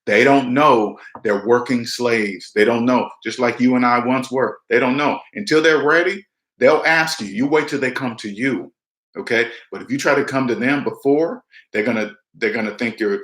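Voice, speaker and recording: A man in his forties talks straight to his viewers in a casual, preachy motivational monologue, repeating points and acting out what other people say. His voice sits in a middle pitch, and the room around him gives it a noticeable echo. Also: moderate pace, fairly bright tone. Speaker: personal finance vlogger.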